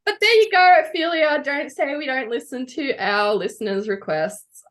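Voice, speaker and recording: A woman's voice: high voice, normal speed, a bit bright. A woman co-hosting a podcast in casual chat, teasing her friend and laughing often. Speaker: podcast co-host.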